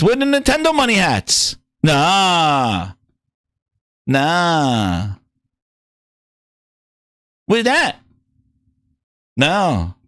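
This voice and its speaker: A man hosting a gaming news livestream, ranting in an excitable, profane and mocking way. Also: high-pitched, no echo. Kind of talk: livestream rant.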